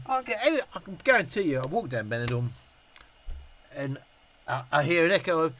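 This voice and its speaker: A man's voice: fairly high pitch, big pitch swings, fairly quick, a bit bright, no room sound. Tipsy, sweary man rambling. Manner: rambling, sweary, laughing often. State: tipsy from drinking. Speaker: YouTube reviewer on a live stream. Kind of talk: casual live-stream chat, answering viewer comments.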